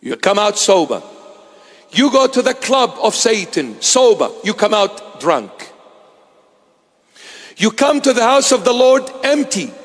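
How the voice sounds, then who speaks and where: A man's voice: high voice, very animated, measured pace, long pauses, long reverb tail. A man preaching a sermon to his congregation in an emphatic, rhetorical style, repeating key phrases.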